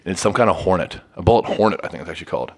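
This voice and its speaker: Young male podcast co-host, low voice, loose and profane. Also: lively intonation, racing, husky. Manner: crude, loose, joking. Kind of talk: casual chat.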